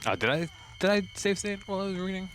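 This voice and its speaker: A man's voice: sits high, animated, fast talker, fairly bright tone, slight background noise. A young Canadian man with a Canadian accent, live-streaming a game and rambling, joking and swearing as he plays. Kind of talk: casual live-stream chat.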